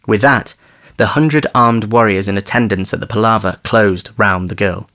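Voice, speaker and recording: A man narrating an audiobook thriller in a measured, wry storytelling manner. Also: on the low side, pushed and bright. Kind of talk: scripted narration.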